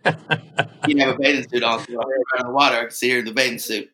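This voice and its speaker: Bright-voiced man, easygoing podcast co-host. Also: mid-range voice, fairly even intonation, a little fast, a little hiss or hum. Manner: easygoing, joking, rambling with fillers. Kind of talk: casual podcast chat.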